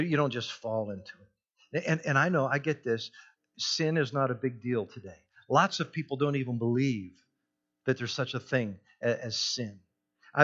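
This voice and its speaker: A man preaching a sermon as pastor, swinging from near-shouted passion down to hushed, tender tones. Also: medium pitch, lo-fi sound.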